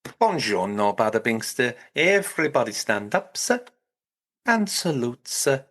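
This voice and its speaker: A man putting on a hammy mock Southern Italian accent, playing an Italian gentleman who ends every clipped catchphrase with "sir.". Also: medium pitch, very animated, unhurried. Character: over-the-top Italian gentleman.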